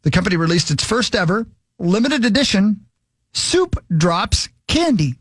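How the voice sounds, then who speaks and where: High playful male radio co-host. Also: very animated, a bit bright, no echo, studio quality. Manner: playful, quick with jokes. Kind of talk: casual chat.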